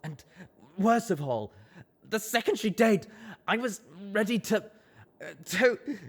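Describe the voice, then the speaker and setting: Brief: male reader as a tearful young stallion, voice shaking and breaking, pitched high above his own, fan audiobook. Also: big pitch swings, normal speed, pushed and bright, exaggerated voice. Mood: sobbing. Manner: trembling, cracking, sobbing. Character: young male pony, traumized, tearful, defensive. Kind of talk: audiobook character reading.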